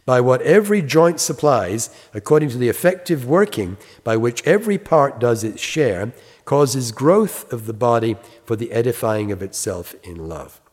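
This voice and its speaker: A man preaching a sermon, reading scripture slowly and with emphasis, then explaining it in a plain, conversational way. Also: mid-range voice, animated, a little mellow. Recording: long reverb.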